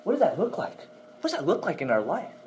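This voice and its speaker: Bible teacher man, mellow and a little husky, keeps asking the class questions and tacking on "okay?". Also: on the high side, wildly swooping pitch, quick pace, rough recording. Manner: quizzes listeners with questions, frequent "okay?".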